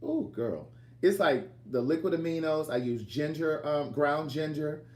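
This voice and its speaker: A man's voice: fairly high pitch, a little slow, darkish tone, echoey room. A man hosting a casual cooking livestream from his home kitchen, chatting and teasing viewers as he reads their comments aloud.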